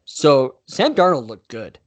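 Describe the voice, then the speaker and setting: A man co-hosting a casual sports podcast, chatty and quick to correct himself with apologetic asides. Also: medium pitch, very animated, dull audio. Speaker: podcast co-host.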